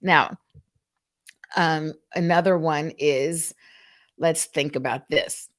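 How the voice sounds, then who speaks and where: An older woman from Columbus, Georgia, speaking low and slowly, hosts a live customer experience show. She addresses viewers directly, acts out phone greetings, and reads their comments aloud.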